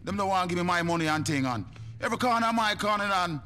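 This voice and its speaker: An actor playing an excitable, rambling Jamaican gangster man in a video game. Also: high-pitched, fast talker, soft background music. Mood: complaining.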